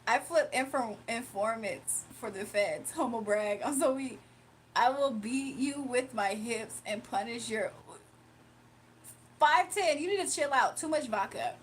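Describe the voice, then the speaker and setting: A woman's voice: fairly high pitch, a little slow, a little hiss or hum. A woman hosting a casual live stream, reading chat comments aloud and laughing often. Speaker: livestream host.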